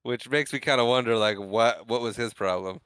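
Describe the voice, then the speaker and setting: Man with a bright, smooth voice. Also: mid-range voice, no echo. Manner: relaxed, chiming in with quick reactions. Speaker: podcast co-host. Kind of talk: casual movie chat.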